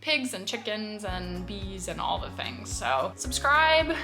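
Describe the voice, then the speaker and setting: A woman's voice: medium pitch, sing-song, slow, sharp tone, faint music behind. A young woman co-hosting a vlog from a car, chatting to viewers in an upbeat way while recovering from a cold that makes her voice crack. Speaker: vlog co-host. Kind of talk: casual chat to viewers.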